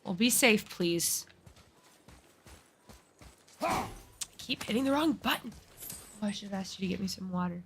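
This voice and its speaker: A woman speaks in an animated, medium-pitched voice at a moderate pace, leaving long pauses, with background noise present. She's chatting during a casual game stream, swearing at enemies and making fun of her own play.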